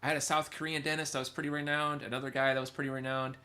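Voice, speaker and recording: A man's voice: mid-range voice, flat delivery, racing, sharp tone. A man hosting a livestream, telling rambling stories to chat and getting sidetracked as he answers comments. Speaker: livestream host. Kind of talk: casual storytelling to chat.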